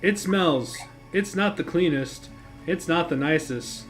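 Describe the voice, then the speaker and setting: A man's voice: on the high side, slow, soft background music. A man acting as game master who recaps and narrates a tabletop game on a stream in a casual, rambling way, swearing freely and correcting himself as he goes.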